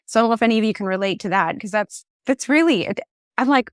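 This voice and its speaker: A middle-aged woman, a podcast guest, telling personal stories in an animated, candid conversational way. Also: a little high, quick pace, dry recording, studio quality. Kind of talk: conversational storytelling.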